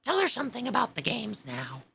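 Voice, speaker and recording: A woman voicing a gruff, impatient male Griffin who speaks in brusque exclamations. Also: on the high side, huge pitch swings, a little fast, pushed and bright, pitched above the performer's own voice, heavily acted.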